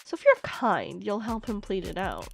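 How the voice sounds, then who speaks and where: A woman voicing a gruff veteran male police detective who speaks bluntly and wearily while reading a visual novel aloud. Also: mid-range voice, big pitch swings, normal speed, faint music behind, pitched below the performer's own voice. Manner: blunt, world-weary, swears.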